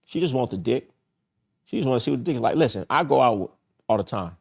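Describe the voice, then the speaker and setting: A man's voice: medium pitch, animated, quick pace, gravelly, darkish tone, breathy edge. A middle-aged man hosting a dating-advice livestream, talking casually in a blunt, profane, repetitive streetwise way.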